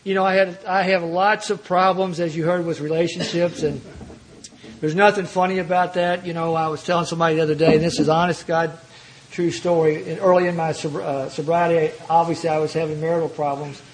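A man shares his personal recovery story with a group, bringing in humor and performing the other people's lines. He speaks a little fast with a slightly high, flat delivery, and a little hiss or hum is audible.

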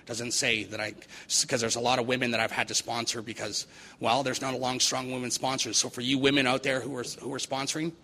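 A man gives an earnest recovery meeting talk and drives points home by repeating phrases. His voice is bright and forward. It rings with long reverb in a large hall, over a faint noise floor. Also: medium pitch.

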